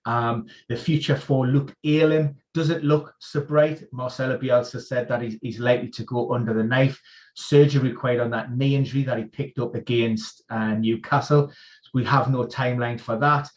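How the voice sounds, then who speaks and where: A man acting as an injury expert, running through football team news on a live stream in a quick, informed rundown. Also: medium pitch, fairly even intonation, highs cut off. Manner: informed, rapid-fire rundown of player news. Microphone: video call.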